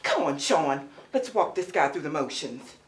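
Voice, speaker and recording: A woman's voice: low voice, normal speed. Big, swooping, bossy supervisor , a woman in the role. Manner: bossy, animated. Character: loud, animated supervisor.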